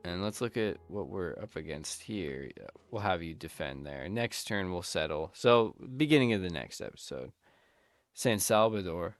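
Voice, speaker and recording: A man's voice: sits low, expressive, moderate pace, no room sound. A man giving casual let's-play commentary, rambling and thinking aloud as he plays. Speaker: gameplay commentator.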